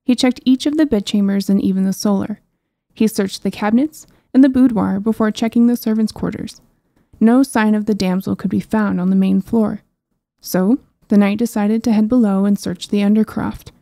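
A woman narrating an audiobook fantasy story in an even storybook delivery with wry asides. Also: mid-range voice, normal speed, vocal fry, no echo, clean studio sound. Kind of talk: scripted narration.

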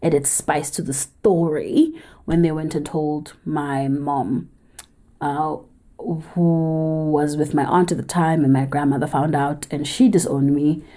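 Low-voiced South African woman vlogger. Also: fairly even intonation, takes it slowly, dark tone. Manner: candid, chatty, emphatic. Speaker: film reviewer and vlogger. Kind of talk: casual storytelling vlog.

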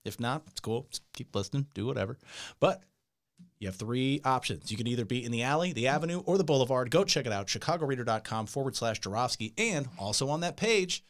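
A man's voice: medium pitch, animated, fast talker. A man co-hosting a podcast, reading promos and introducing the show in a playful, upbeat way. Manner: playful, upbeat announcer delivery. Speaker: podcast co-host and producer.

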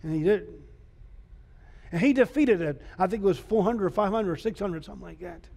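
A man, a pastor, preaching a sermon emphatically, repeating rhetorical questions and moving between loud calls and soft asides. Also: high voice, a little fast, gravelly.

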